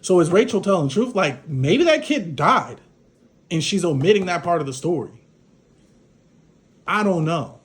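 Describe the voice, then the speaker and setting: A man with a fairly high voice recaps a film in loose, casual talk. He rambles and leans heavily on fillers as he retells the story. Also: sing-song, normal speed, pauses often. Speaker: film reviewer. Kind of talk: casual spoken movie recap.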